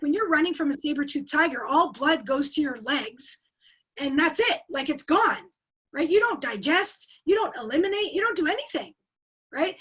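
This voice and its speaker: Brief: high-pitched woman coach, lively and quizzing, over a webcam call. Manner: energetic, asks the audience questions and repeats key words. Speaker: speaker at an online coaching forum. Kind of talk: interactive webinar teaching.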